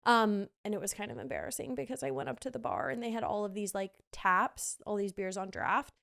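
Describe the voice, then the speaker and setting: A woman's voice: mid-range voice, lively intonation, a little fast, vocal fry, a bit bright. A young woman hosting a podcast, chatting casually and gushingly about theater shows with lots of fillers. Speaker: podcast host. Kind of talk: casual theater review chat.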